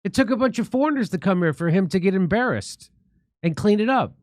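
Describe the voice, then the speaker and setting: A male livestream host riffing on politics with biting sarcasm and open indignation. His voice sits a little high for a man. The sound is dry and close to the mic. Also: animated, a little fast, no echo. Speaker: show host.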